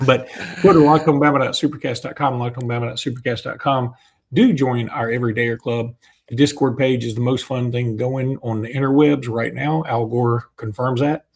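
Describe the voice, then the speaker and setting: A man's voice: mid-range voice, fairly even intonation, normal speed, vocal fry. Joking man, podcast host. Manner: joking, rambling with fillers. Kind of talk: casual sports podcast chat.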